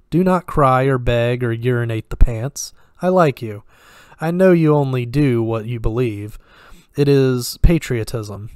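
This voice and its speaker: A man's voice: medium pitch, darkish tone, no echo, studio quality, close to an everyday voice. A man doing a cold interrogator. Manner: broken English, slow and deliberate threats. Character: menacing male military interrogator, calm and cold.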